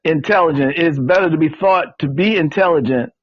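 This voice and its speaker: A man's voice: on the high side, brisk, dry recording. A man, telling a folksy story in casual chat. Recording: dull, lo-fi sound.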